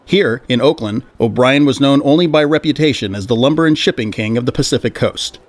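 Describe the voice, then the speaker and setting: A man reading a story aloud as narrator, in an even storytelling manner. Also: medium pitch, fairly quick. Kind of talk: audiobook narration.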